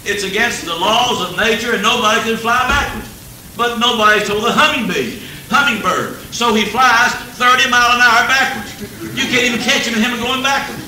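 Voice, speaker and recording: A man's voice: very high-pitched, moderate pace, sharp tone. A man preaching a folksy revival sermon. He talks with humor, chuckles often, and builds to fervent peaks. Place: church service. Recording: old echoey church tape from a distance, faint hiss.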